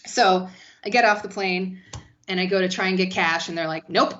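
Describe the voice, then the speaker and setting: A woman guest telling animated, profane stories in a casual podcast chat, peppering her talk with "like.". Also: on the low side, normal speed, dull audio. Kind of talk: casual storytelling.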